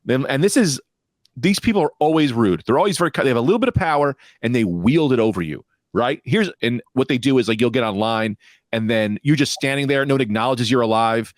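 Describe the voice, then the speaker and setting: Brief: young male podcast co-host, lively swooping delivery, dry close mic, storyteller who plays every part. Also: medium pitch, fairly quick, dry recording. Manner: animated storyteller, acts out quoted people. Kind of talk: casual chat.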